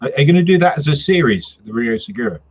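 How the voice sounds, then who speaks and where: A man chatting on a live show, enthusiastic and quick to compliment the others. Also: fairly high pitch, expressive, husky. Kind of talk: casual chat on a live show.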